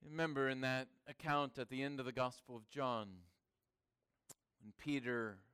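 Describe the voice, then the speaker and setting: A man preaching a sermon, swinging between hushed, quiet passages and emphatic, raised lines. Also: mid-range voice, fairly even intonation, measured pace, clean tone. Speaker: pastor.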